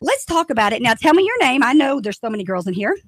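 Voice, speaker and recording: A woman hosting a lively radio talk show, enthusiastic and chatty as she cheers her guests on. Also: a little high, fast, no room sound. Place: radio studio. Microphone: studio microphone.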